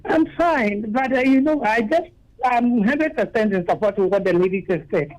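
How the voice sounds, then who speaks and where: A middle-aged woman with a Ghanaian English accent calling in to a radio show, speaking in an animated, firm and opinionated way. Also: on the high side, moderate pace. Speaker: caller. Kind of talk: phone-in call. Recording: telephone line.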